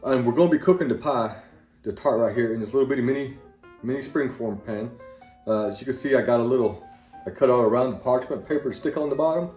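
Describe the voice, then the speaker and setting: A man's voice: medium pitch, fast talker, darkish tone, roomy sound, soft background music. A man with a Southern accent hosting a home cooking video, talking plainly and folksy with rambling asides as he walks through a recipe in his kitchen. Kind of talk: casual cooking demonstration.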